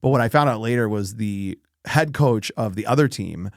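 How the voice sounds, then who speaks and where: A man's voice: lowish voice, moderate pace, no room sound, clean studio sound. A middle-aged man co-hosting a podcast, telling a heated personal story in casual chat, acting out the people in it. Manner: animated, swears, acts out quoted people. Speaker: podcast co-host.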